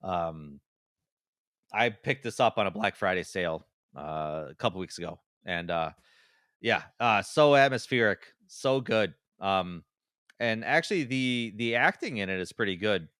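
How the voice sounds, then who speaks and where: A man's voice: on the low side, lively intonation, a little slow, fairly bright tone, no room sound, clean studio sound. A man co-hosting a gaming podcast in casual chat, rambling with many fillers and restarts. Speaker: podcast co-host.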